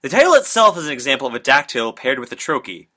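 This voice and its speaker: A man's voice: medium pitch, sing-song, fast talker, bright, forceful tone. A young man, a student, reading a prepared class presentation that explains a topic. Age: young adult. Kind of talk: read school presentation.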